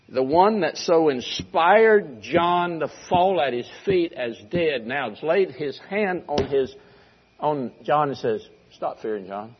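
An older male pastor delivers a sermon in a husky voice, pressing his points by repeating them. The recording sounds dull and muffled, as if taped in the church room. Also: on the high side. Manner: preaching with emphatic repeated phrases.

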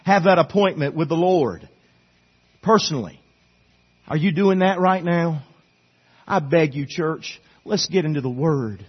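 Pleading middle-aged pastor preaching a sermon. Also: male voice, fairly high pitch, a little slow, long pauses, slightly rough, highs cut off. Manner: earnest, pleading, repetitive exhortation. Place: church sanctuary.

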